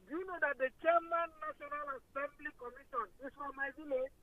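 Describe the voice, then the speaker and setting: A man's voice: very high voice, fairly quick, no room sound. A man with a Nigerian accent calling in to a radio show, making insistent, emphatic complaints. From Akwa Ibom State, Nigeria. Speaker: caller. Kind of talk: phone-in call. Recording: tinny phone line.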